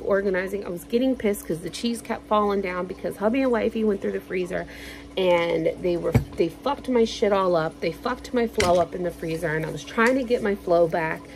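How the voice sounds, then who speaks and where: A woman vlogger telling stories in a casual, animated way, swearing freely and acting out quotes loudly. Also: medium pitch. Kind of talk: casual storytelling.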